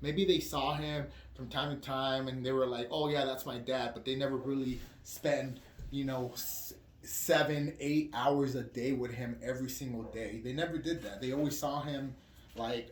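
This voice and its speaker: A man appears as a podcast guest in a casual, candid chat, speaking profanely and rambling with frequent restarts. His mid-range voice holds a steady tone at a moderate pace, and the recording has a roomy echo and background noise.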